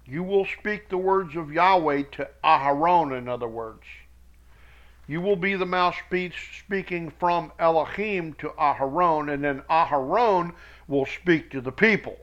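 A man teaching scripture verse by verse, reading each verse slowly with emphasis and adding quick asides. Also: a little high, fairly bright tone, dull audio. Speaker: Bible teacher.

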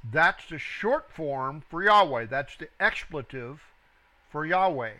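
A Bible teacher works through scripture verse by verse, unhurried and deliberate, reading each phrase followed by its reference number. He presses hard on the quoted words, and his bright voice sits a bit higher than most, with an animated quality.

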